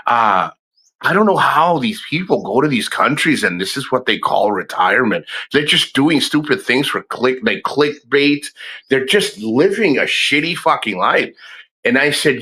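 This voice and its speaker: A man's voice: mid-range voice, expressive, normal speed, bright, forceful tone, husky, poor audio. A man in his fifties talking in a casual, rambling way, swearing freely and often restarting his sentences. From United States. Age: 50s. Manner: rambling, profane, frequent restarts. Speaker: vlogger. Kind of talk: casual chat.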